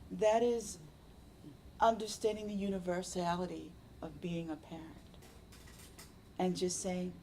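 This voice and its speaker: A woman meditation teacher speaking in a low, gravelly voice during a dharma talk. She talks slowly and reflectively, often sinking into a soft, whispery hush. A faint room ambience sits behind her. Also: fairly even intonation, slight background noise. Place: meditation center hall.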